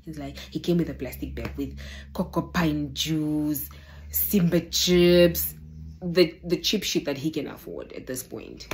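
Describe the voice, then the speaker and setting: A young woman telling a personal story to the camera, animated and exasperated, often calling out to her viewers. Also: low-pitched, a little slow, noisy background. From Namibia. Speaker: vlogger. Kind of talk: casual storytime.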